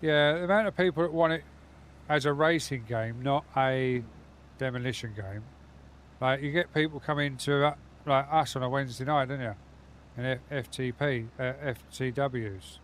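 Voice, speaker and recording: A man streams a game from home and talks straight to his viewers in a loose, rambling way. His voice sits at an everyday middle pitch. A faint hum of background noise runs under it. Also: normal speed, a bit bright. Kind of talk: casual live gaming stream chat.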